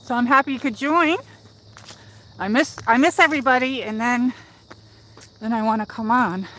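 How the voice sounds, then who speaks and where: A woman's voice: a little high, normal speed, a bit bright, poor audio. A woman hosting a casual livestream while walking up a hill in a park outdoors, chatty and rambling, out of breath, on a phone mic. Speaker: livestream host.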